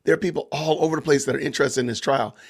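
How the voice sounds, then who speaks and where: A man's voice: mid-range voice, steady tone, racing, creaky, husky. A man hosting a live-stream podcast, commenting on a trial with emphatic repetition and reading out greetings from chat viewers. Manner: emphatic, repeats himself for stress. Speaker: podcast host.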